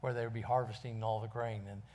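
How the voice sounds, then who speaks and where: A man's voice: lowish voice, little pitch movement, fast, darkish tone, a little hiss or hum. Folksy preacher man. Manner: folksy, storytelling, with fillers. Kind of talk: sermon with storytelling.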